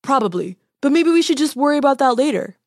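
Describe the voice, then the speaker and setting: Woman doing an excitable young prince, high-pitched, eager, casual, storybook reading. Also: fast talker, no echo, studio quality.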